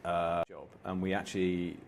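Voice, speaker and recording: A man, a company co-founder, reminiscing in a relaxed storytelling way, with many fillers and restarts. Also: low voice, moderate pace, a little hiss or hum. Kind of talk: anniversary reminiscing. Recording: music playing under the voice.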